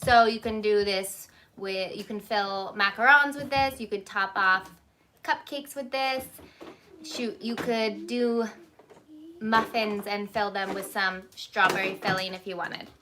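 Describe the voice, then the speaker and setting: A woman in her thirties livestreams herself baking from her phone in a small home kitchen, chatting casually, greeting viewers by name and pausing to give her kids instructions. Her mid-range voice is unhurried with a sharp edge, and there's slight noise in the background.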